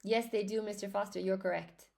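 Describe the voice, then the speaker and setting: A woman's voice: mid-range voice, fairly even intonation, fairly quick, creaky, a little mellow. A woman teaching English in a chatty live lesson, greeting viewers by name as she explains grammar.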